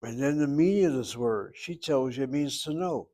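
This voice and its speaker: A man's voice: medium pitch, normal speed, mellow. Man teaching a Hebrew grammar class. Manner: explanatory, wry asides, addresses students by name. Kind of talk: online class lecture.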